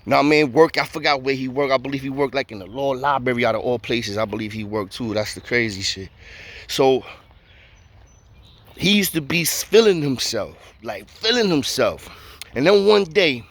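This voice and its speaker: A man's voice: medium pitch, a little fast, fairly bright tone. A man casually telling profane stories, full of street slang and repeated "know what I mean" fillers. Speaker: storyteller. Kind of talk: casual storytelling.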